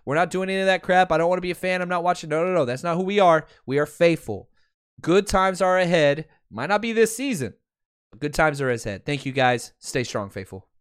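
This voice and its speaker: A man hosting a podcast, talking excitedly through game film and addressing his viewers. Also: a little high, normal speed, clean tone, no room sound, clean studio sound. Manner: excitable, swears, talks to viewers. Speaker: podcast host. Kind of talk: film breakdown commentary.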